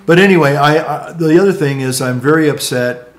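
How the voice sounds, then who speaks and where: A man vlogging in a casual, rambling monologue, with halting restarts, asides and chuckles at his own jokes. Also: on the high side, faint music behind.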